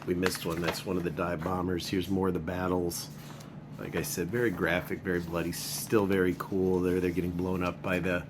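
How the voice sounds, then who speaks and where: A man's voice: sits low, noisy background. A man giving a casual, rambling spoken review of a comic book, padding his talk with filler words.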